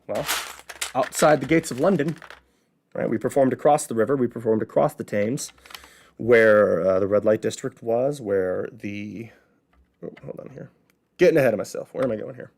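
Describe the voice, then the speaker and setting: Here a man speaks at medium pitch and moderate pace, his voice gravelly and a little mellow. Originally from Illinois in the Midwest, he has a Chicago accent and hosts a solo show in a chatty, casual way. The talk is an educational monologue built on rhetorical questions he answers himself.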